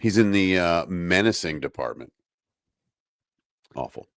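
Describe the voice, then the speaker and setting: Male podcast co-host, very low voice, deadpan humor, dry close mic. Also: measured pace, dry recording. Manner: deadpan jokes, riffs in mock voices. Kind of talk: casual recap chat.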